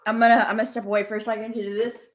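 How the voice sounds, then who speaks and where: A woman playing a tabletop role-playing game, upbeat and quick. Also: a little high, little pitch movement. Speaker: player.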